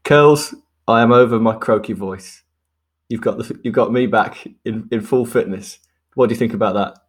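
A man's voice: medium pitch, moderate pace. A man hosting a podcast in casual chat, joking and laughing often and repeating words as he goes. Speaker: podcast host.

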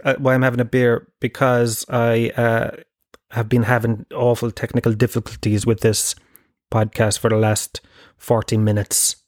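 A man's voice: mid-range voice, dry recording, studio quality. A man hosting his own podcast, rambling through stories in a casual, self-mocking way and swearing freely. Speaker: podcast host. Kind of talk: comedic casual monologue.

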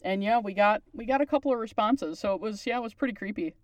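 A woman's voice: mid-range voice, quick pace, no room sound. A woman from Newfoundland with a townie accent, hosting a podcast and chatting at length in a casual way. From Newfoundland, Canada. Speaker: podcast host. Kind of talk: casual chat.

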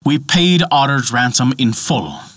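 A man's voice: medium pitch, animated, measured pace, fairly bright tone, no echo. A brusque, imperious chief god who speaks in firm commands, as a male storyteller puts him on. The sound is dry and close. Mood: commanding. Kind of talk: storybook narration.

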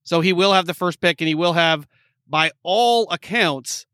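A man's voice: high voice, normal speed, pushed and bright, smooth, dry recording, clean studio sound. A man co-hosting a casual sports podcast, rambling with lots of fillers and restarts. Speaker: podcast co-host.

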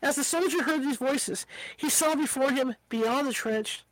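A woman's voice: high voice, moderate pace, a little hiss or hum, rough recording. A woman reading a book aloud as an amateur reader, tripping over hard words and slipping in casual asides. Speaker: audiobook reader.

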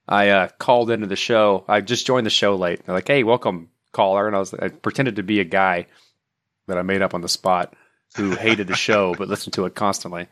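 Deep-voiced wry podcast co-host man. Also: steady tone, a little fast, a bit bright, dry recording, studio quality. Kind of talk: casual podcast banter.

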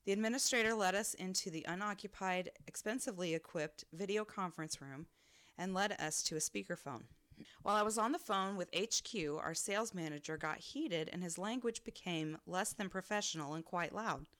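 A woman's voice: lowish voice, brisk, a bit bright. A woman co-hosting a podcast, reading listener stories aloud and laughing often as she reads. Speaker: podcast co-host.

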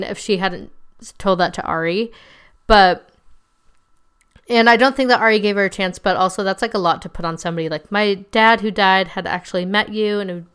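A woman's voice: medium pitch, fairly bright tone, smooth. A young adult woman hosting a casual, rambling recap chat, full of "like" fillers and tangents. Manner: chatty, rambling, heavy filler "like". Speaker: podcast host.

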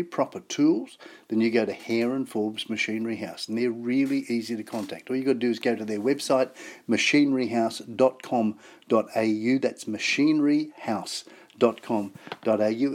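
A man's voice: medium pitch, a little mellow. An Australian man hosting a radio show, chatting casually and reading an ad in an upbeat, repetitive way. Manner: chatty, upbeat, repeats himself. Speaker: radio host. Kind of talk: casual radio chat with ad reads.

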